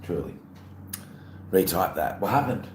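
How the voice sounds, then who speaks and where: Deep-voiced man chatting on stream. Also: very animated, unhurried. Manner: chatty, reads chat aloud, playful. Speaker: livestreamer. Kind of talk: casual live-stream chat. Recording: echoey room, faint ambient noise.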